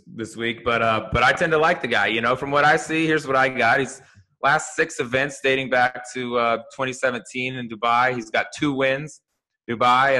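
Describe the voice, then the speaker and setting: A man co-hosting a sports podcast, telling stories in a loose, animated way with plenty of restarts and fillers. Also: mid-range voice, poor audio. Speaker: podcast co-host, golf fantasy analyst. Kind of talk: casual podcast chat.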